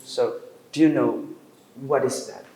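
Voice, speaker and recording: A man giving a university lecture in English, questioning the class with pauses and fillers. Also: mid-range voice, gravelly, mellow. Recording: roomy classroom echo.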